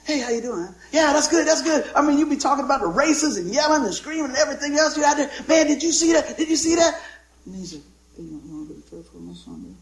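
A man's voice: very high-pitched, lively intonation, fast, roomy sound, poor audio. A middle-aged man preaching a sermon, telling folksy jokes and stories and calling out for amens from the congregation. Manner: folksy, joking storyteller with call-and-response amens. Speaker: pastor.

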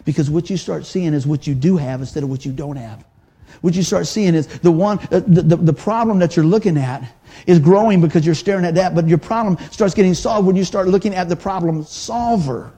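A man's voice: a little high, brisk, warm tone, breathy edge. A male pastor preaching a sermon in a conversational, folksy way, often adding "man" and "amen".

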